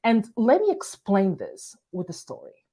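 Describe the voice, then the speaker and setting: A woman's voice: mid-range voice, wildly swooping pitch, measured pace, warm tone, breathy edge. Chatty woman hosting a live stream. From Portugal. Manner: chatty, with fillers and restarts. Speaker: host of a weekly live business show. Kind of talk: casual live-stream talk.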